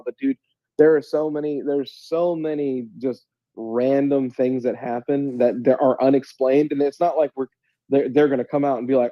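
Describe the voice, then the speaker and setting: A man in casual podcast chat, animated and rambling, with frequent restarts and laughter. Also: medium pitch, normal speed, no echo, highs cut off. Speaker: co-host.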